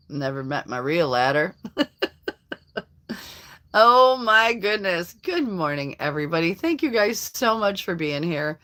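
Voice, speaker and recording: Middle-aged lady chatting on her live stream, bright voice, laughs a lot, reads out viewer comments. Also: on the low side, very animated, a little slow. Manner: chatty, laughs often, talks to viewers by name. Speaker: livestream host reading viewer comments. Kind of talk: casual live-stream chat.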